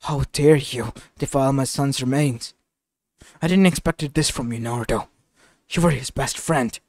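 A man's voice: mid-range voice, moderate pace, dry recording, studio quality, natural voice. A man voicing a stern, grief-stricken middle-aged mother, speaking reproachfully in a fan-made storybook reading.

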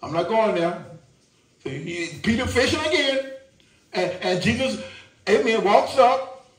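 A man with a high voice preaches in a reverberant church, recorded from a distance. He speaks expressively and without hurry, going over the same points again and seeking agreement from his listeners.

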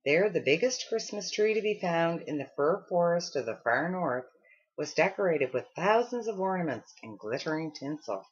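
A woman reading a children's storybook aloud with expressive storytelling. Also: lowish voice, normal speed, husky, dull audio. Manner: expressive storytelling with acted character lines. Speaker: storybook reader.

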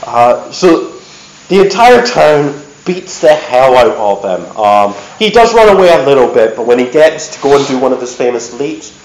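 A man giving a lively, chatty storytelling talk at an event, with plenty of ums and uhs. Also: mid-range voice, normal speed. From United States. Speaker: presenter. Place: event hall. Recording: echoey hall.

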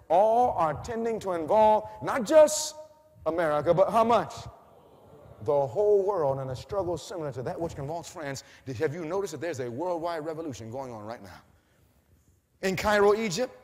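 A male preacher with a high, ringing voice delivers a sermon, firing questions at his listeners and answering them himself. His voice swings between quiet asides and shouted climaxes, and a long reverb from a large hall trails behind every phrase. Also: expressive, a little fast. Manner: call-and-response questions, rising to shouts.

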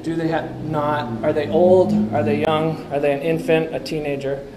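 Speaking at a moderate pace with little pitch movement, a man with a fairly high voice presents slides at a conference against a noisy background. His lecture is conversational, full of questions to listeners and wry remarks, recorded in an echoey space with faint ambience.

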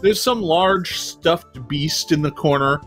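A game master narrating a tabletop role-playing session in a relaxed, easygoing way. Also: medium pitch, slow pace, faint music behind.

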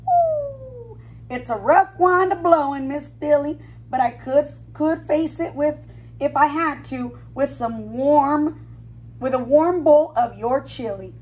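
A breezy, hungry hawk from a storybook who stumbles hopefully through his request, as a woman reads him. The voice runs high and swoops widely. The pace is slow and drawn out. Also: lively intonation, darkish tone.

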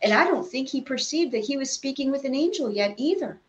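A woman's voice: sits high, expressive, brisk, muffled recording. A woman leading a casual Bible study, reading scripture aloud and then explaining it in chatty asides.

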